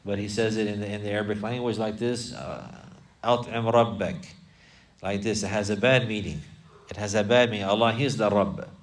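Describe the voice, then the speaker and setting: A man's voice: on the low side, steady tone, quick pace, distant mic. A man teaching a religious class, explaining word by word and repeating key phrases.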